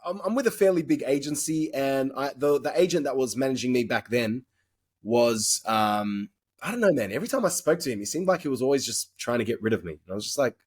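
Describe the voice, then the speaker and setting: A husky, slightly rough-voiced Australian man chatting as a podcast guest. He talks frankly and in loose, rambling stretches, dropping the odd swear word as he goes. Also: mid-range voice, lively intonation, brisk, darkish tone. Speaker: guest actor. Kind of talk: casual podcast interview chat.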